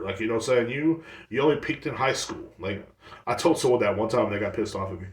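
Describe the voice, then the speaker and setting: A man's voice: mid-range voice, fast, roomy sound, far from the mic. A man in his thirties hosting a casual solo podcast, rambling and blunt, with lots of swearing. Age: 30s. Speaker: podcast host.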